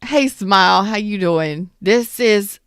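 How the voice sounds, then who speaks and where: A woman's voice: mid-range voice, lively intonation, slow, fairly bright tone, clean tone, no echo, studio quality. A woman giving a live tarot reading in a chatty, blunt way, greeting viewers as she goes. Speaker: tarot reader.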